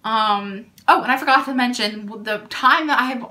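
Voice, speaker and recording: A young woman recounts a story to her vlog audience in a casual, indignant way, with lots of "like" along the way. Her voice sits a little high and has a sharp, bright edge. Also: normal speed. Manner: animated and indignant, heavy use of "like". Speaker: vlogger telling a story.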